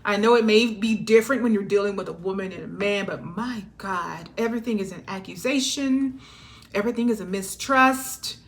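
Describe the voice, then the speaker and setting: A woman giving a casual tarot reading, talking animatedly with laughing asides and swinging between low mutters and loud exclamations. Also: fairly quick. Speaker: tarot reader. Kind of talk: casual spiritual reading monologue.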